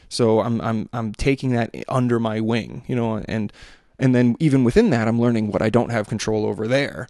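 A man's voice: medium pitch, fairly even intonation, moderate pace, darkish tone, no echo, studio quality. A man in his thirties talking through his thoughts in a rambling, hesitant monologue full of fillers and restarts. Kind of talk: reflective solo monologue.

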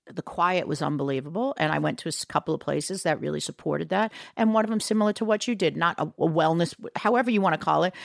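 A woman's voice: sits low, vocal fry, dry recording, studio quality. A middle-aged woman, a singer talking frankly and reflectively as a podcast guest. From New York, USA. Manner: frank and reflective, plain-spoken. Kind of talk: candid podcast conversation.

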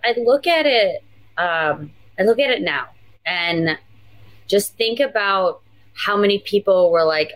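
A woman's voice: lowish voice, unhurried, low-quality recording. A woman guest on a podcast, reflecting in casual interview chat with frequent restarts and fillers. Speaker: podcast guest, pro wrestler.

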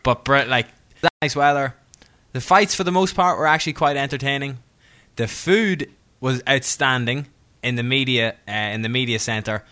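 A man's voice: medium pitch, normal speed, hardly any pauses, pushed and bright. A man co-hosting a podcast, chatting casually and telling stories with a laugh. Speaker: podcast co-host.

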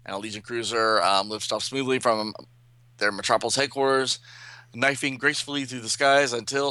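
Bright-voiced man reading a comic aloud. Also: mid-range voice, fairly even intonation, clear, resonant tone, no room sound. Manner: reads dialogue in quick, lightly acted voices, with asides. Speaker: comic book podcast host.

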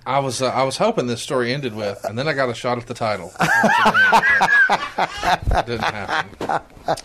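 A man's voice: mid-range voice, quick pace, background noise. A man hosting a podcast who reads a passage aloud and then reacts with big laughs and enthusiasm. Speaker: podcast host. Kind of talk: reading aloud and casual chat.

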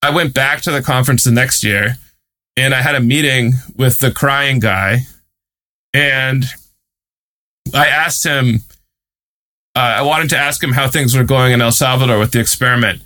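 Bright-voiced man telling a story. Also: medium pitch, normal speed, long pauses. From United States. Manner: chatty, with frequent fillers and amused laughs. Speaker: guest reporter and author. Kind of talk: casual storytelling.

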